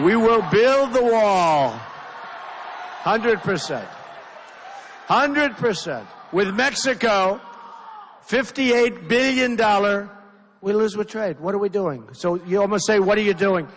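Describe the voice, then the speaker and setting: A man's voice: high voice, animated, slow pace, pauses often, fairly bright tone. A man in his sixties giving an off-the-cuff campaign rally speech, emphatic and repetitive, interrupted by hecklers. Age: 60s. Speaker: political candidate speaking at a rally. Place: large indoor rally venue. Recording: reverberant hall with faint crowd noise.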